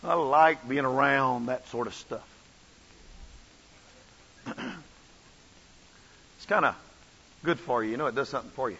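A man's voice: mid-range voice, unhurried, vocal fry, pauses often, sharp tone, breathy edge. A man preaching a sermon as pastor, with an impassioned, repetitive cadence. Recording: dull audio with long church reverb.

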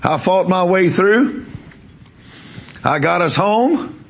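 A preacher man telling a story in a sermon, his voice a bit high and full of gravel. He talks emphatically, doubling back on his words as he pushes the story forward. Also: lively intonation, slow.

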